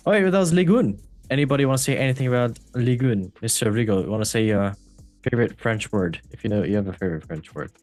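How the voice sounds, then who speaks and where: A man's voice: on the low side, fast, darkish tone, soft background music. A man hosting a casual football podcast who reads results in an upbeat, breezy way and often falls back on stock phrases. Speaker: host.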